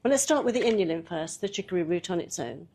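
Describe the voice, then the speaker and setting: A woman's voice: fairly low pitch, animated, fast talker, mellow. A woman leads a live workshop demonstration in a chatty, easygoing way. She talks a volunteer through each step and laughs often as she goes. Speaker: workshop presenter.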